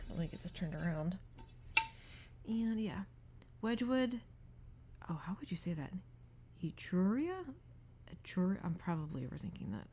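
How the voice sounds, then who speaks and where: A woman's voice: low voice, slight background noise. Chatty woman vlogging close to phone. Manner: chatty and rambling, often trailing into soft half-whispers. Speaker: vintage-haul vlogger. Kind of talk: casual show-and-tell vlog. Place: at home. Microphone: phone held close.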